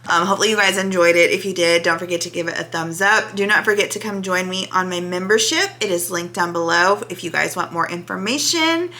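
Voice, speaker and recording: A woman's voice: lowish voice, brisk, hardly any pauses, sharp tone. A woman in her thirties talking candidly and emotionally in a casual reaction vlog to her channel's viewers. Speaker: vlogger.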